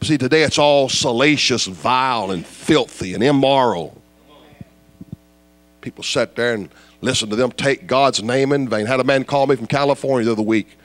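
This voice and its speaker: A man preaching a fiery evangelistic sermon, dropping to low intensity then rising to loud, high shouts. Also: moderate pace.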